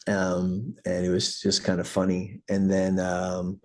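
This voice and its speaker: A man's voice: sits low, monotone, unhurried, darkish tone. A middle-aged man, a punk singer guesting on a podcast, telling stories in a rambling, profane way full of "like". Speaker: guest, punk band vocalist. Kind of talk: casual storytelling.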